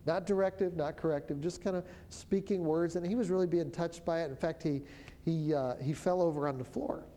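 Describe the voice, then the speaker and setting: A minister recounts prophesying over people, telling the testimony in a relaxed, conversational manner that often stops and restarts. His voice is mid-range and he speaks fairly quickly.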